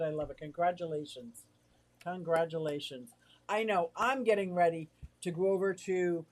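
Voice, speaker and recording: A chatty livestream host who reads viewer comments aloud and answers them, easily excited and warm. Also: medium pitch. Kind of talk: casual livestream chat.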